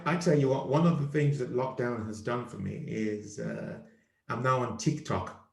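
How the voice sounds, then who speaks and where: A man born in Liverpool and raised in Nigeria, hosting a casual chat and telling a story in a relaxed way. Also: mid-range voice, normal speed, creaky, a little hiss or hum. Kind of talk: casual conversation. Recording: roomy echo.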